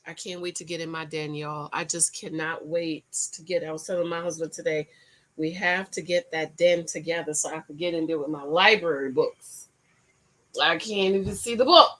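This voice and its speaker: A woman's voice: on the low side, pushed and bright. A middle-aged woman hosting a casual livestream, reading viewer comments and laughing as she talks straight to her viewers.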